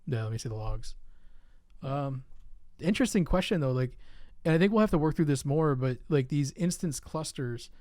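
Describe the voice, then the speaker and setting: A man talking through software design with a partner on a live stream, thinking aloud in a casual, drawn-out way. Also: on the high side, lively intonation, dry recording, clean studio sound.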